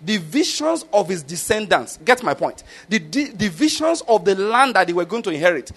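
Middle-aged Nigerian man, pastor type, high voice for a man, keeps checking the congregation gets his point. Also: very animated, normal speed, few pauses, a bit bright. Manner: keeps checking if listeners follow. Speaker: preacher. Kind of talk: conversational sermon.

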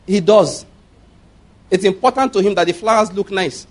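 Nigerian pastor, 50s, husky and kinda high, super emphatic sermon, keeps going "you get my point?". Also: male voice, moderate pace. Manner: emphatic, keeps checking the congregation understands.

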